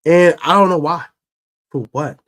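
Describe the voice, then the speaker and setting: A man giving casual fan commentary on his team, talking in an animated, slangy way. His voice sits a little high for a man, and he gets heated as he argues his point. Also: a little slow. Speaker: sports podcast host.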